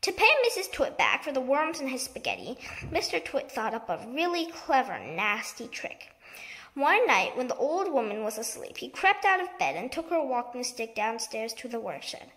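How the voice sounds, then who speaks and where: High-voiced woman reading a kids' book. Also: wildly swooping pitch, moderate pace, fairly bright tone, low-quality recording. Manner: plain reading with small slips and restarts. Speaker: reader. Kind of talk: reading a children's book aloud.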